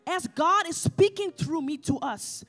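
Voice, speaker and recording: A woman with a high voice preaches a sermon at a church service. She is passionate, driving her declarations home at full volume and slipping into Dutch phrases. Faint music plays behind her. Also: a little slow, fairly bright tone. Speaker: deaconess preaching. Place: church service with live congregation.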